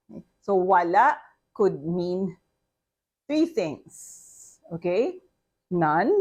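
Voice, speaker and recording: A woman gives an online language lesson at a slow, careful pace, spelling words out and pausing to check that learners follow. Her voice sits a little low for a woman, and she keeps asking "okay?" between points. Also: highs cut off. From Philippines. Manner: slow, deliberate, repeats "okay?" to check understanding. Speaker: language teacher.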